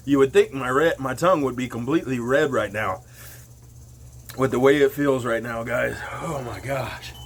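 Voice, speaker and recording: Male vlogger, slow drawl, mid pitch, mouth burning, eyes and nose running, whooping. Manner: slow, drawn out, breaking into loud whoops. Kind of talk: casual vlog to camera.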